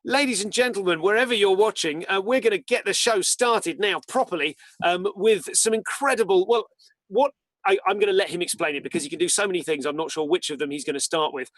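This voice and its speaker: A man's voice: high voice, fairly quick, a bit bright, no room sound. A man hosting a live-streamed comedy show, wry and rambling, with asides and the odd swear word. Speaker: host.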